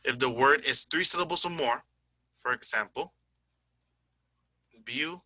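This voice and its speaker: A man teaching an English grammar lesson in a chatty, joking way. He keeps checking understanding with "right?" and "okay?" and slows down to spell out word endings. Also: mid-range voice, pushed and bright, no room sound. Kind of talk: recorded online grammar lesson.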